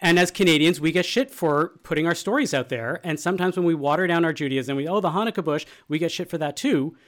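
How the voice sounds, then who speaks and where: A man co-hosting an interview, with a somewhat higher voice. He speaks emphatically and thinks out loud as he goes. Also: quick pace. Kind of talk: conversational interview talk.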